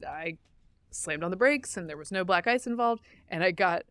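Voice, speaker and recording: A woman's voice: on the low side, animated, normal speed, a bit bright, clear, resonant tone, dry recording. A middle-aged woman co-hosting a podcast, telling stories in a chatty way, laughing easily and correcting herself. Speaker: podcast co-host. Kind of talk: casual chat.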